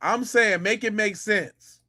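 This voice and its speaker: High bright-voiced mocking male host. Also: slow pace. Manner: mocking, incredulous, slangy. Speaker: podcast host, former police officer. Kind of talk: reaction commentary.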